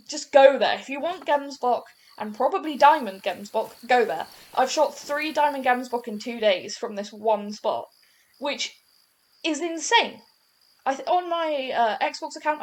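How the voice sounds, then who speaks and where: Chatty woman narrating gameplay. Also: fairly high pitch. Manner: chatty, rambling, self-correcting. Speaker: gaming channel host. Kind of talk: casual gameplay commentary.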